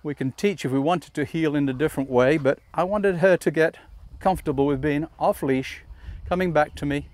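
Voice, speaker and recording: A man training a dog outdoors, explaining each step and calling the dog with calm, coaxing commands. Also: fairly high pitch, a little fast, hardly any pauses, dry recording. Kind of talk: instructional demonstration. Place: outdoors in a field.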